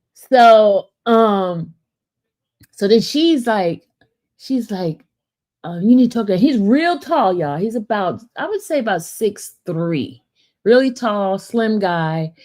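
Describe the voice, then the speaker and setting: A woman casually telling a personal story to her viewers, chatty and animated, often checking in with "right?" and talking straight to her audience. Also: mid-range voice, takes it slowly.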